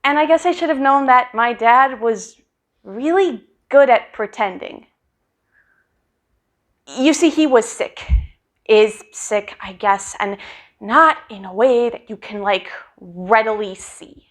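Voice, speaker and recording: A woman's voice: a little high, slow. A woman performing a dramatic monologue in a wry, conversational, hesitant way.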